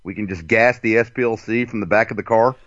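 A man hosting an online radio show, talking in a profane, rambling, animated way with lots of fillers. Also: fairly low pitch, fast. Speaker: show host. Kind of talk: crude casual radio chat. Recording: dull, dry lo-fi sound.

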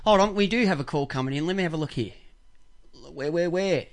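Host: Australian man, high voice, crude rambling storyteller, loud bursts. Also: a little fast. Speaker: podcast host. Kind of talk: casual call-in show chat.

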